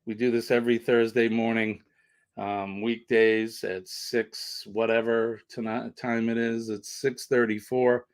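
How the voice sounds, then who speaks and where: A man's voice: medium pitch, little pitch movement, unhurried, clean tone. A man hosting a casual live stream, chatting with viewers in the comments.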